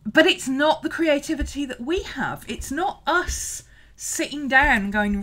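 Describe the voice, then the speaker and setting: Lively high-voiced woman chatting. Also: measured pace, background noise. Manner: chatty, animated, laughs often, greets viewers. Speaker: art teacher and livestream host. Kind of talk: casual livestream chat.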